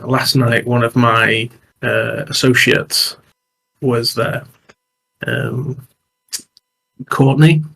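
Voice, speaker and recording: Man doing an observant investigator in a tabletop game, gravelly voice, measured, probing questions. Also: medium pitch, exaggerated voice, low-quality recording. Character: observant male investigator agent.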